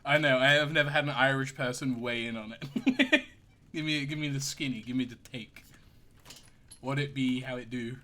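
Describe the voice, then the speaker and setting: A man's voice: mid-range voice, steady tone, normal speed, pushed and bright. A man streaming a game, chatting casually, joking, swearing and laughing often. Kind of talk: casual gaming commentary.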